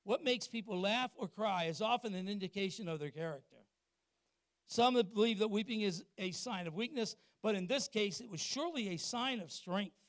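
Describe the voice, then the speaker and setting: Middle-aged male pastor preaching in church; high voice, swings from loud emphasis to hushed asides, quizzes the congregation. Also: moderate pace, no echo, studio quality. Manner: asks the congregation questions and acts out little exchanges. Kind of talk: sermon.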